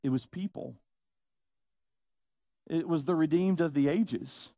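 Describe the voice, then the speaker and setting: Slow, emphatic male preacher. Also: high-pitched, a little mellow, no room sound. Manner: slow, emphatic preaching with dramatic pauses and rhetorical questions. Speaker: pastor. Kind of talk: sermon.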